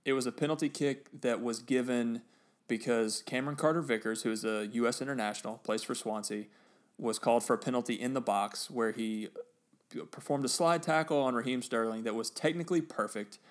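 A man on a podcast, casually retelling a football match with animated bursts of excitement. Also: mid-range voice, brisk. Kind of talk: casual storytelling chat.

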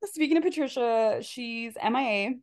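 Woman podcast host, casual and rambling, voice sitting a bit high, dry close sound. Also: normal speed, darkish tone, dry recording. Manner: chatty, rambling with many fillers. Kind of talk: casual chat.

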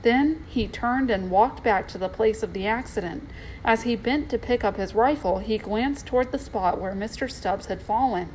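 A woman narrating a children's storybook aloud with steady, expressive delivery. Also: fairly high pitch, moderate pace, slight background noise, rough recording.

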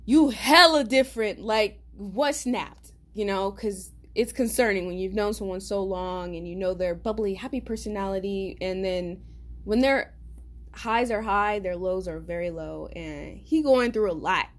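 Animated slangy woman telling a story. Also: medium pitch, moderate pace. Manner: animated, slangy, blunt, laughs while telling. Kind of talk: casual storytime.

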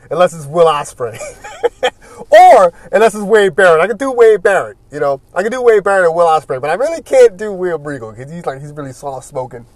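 A man giving casual solo commentary as a wrestling reviewer, rambling and animated, with many "you know"s. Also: a little high, a little fast, no room sound.

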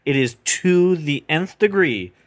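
A man's voice: a little high, lively intonation, a little slow, no echo. A man co-hosting a casual chat, teasing and playfully contrarian. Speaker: podcast co-host.

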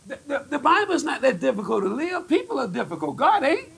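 Male pastor, emphatic pulpit preacher; very high, lively delivery, builds to shouting. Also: fairly quick, gravelly. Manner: emphatic, repetitive, rising to shouts. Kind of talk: fiery preaching sermon with congregation call-and-response.

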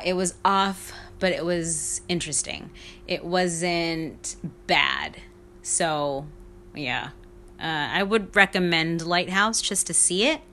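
A woman's voice: lowish voice, a bit bright, a little hiss or hum. A young woman hosts her own podcast alone, talking in a loose, rambling way. She swears freely and often laughs at her own stories. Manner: rambling, profane, self-mocking, laughs often. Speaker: podcast host. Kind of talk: casual solo podcast chat.

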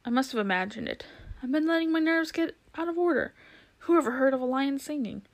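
A woman's voice: high voice, brisk, voice pushed up. A woman voicing a selfish, fearful old man who frets and complains in a raised voice. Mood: uneasy.

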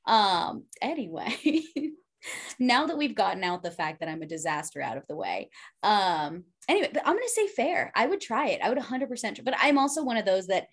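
A woman's voice: mid-range voice, sing-song, normal speed, husky. A woman co-hosting a casual podcast chat, playful and laughing often. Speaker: podcast co-host.

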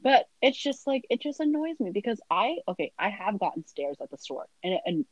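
A woman's voice: medium pitch, sing-song, a little fast, no echo, muffled recording. A young woman chatting casually as a guest, rambling through stories with lots of filler words. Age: young adult. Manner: rambling storyteller. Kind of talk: casual chat.

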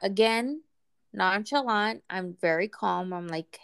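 A woman casually telling a personal story in a relaxed, chatty way, sometimes acting out what people said. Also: medium pitch, unhurried, vocal fry, clean tone. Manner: relaxed, chatty, acts out quoted voices.

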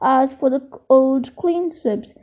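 A careless, boastful teenage team captain , read aloud by a woman. The voice is high and unhurried, tossing off each brag. The recording sounds dull and lo-fi.

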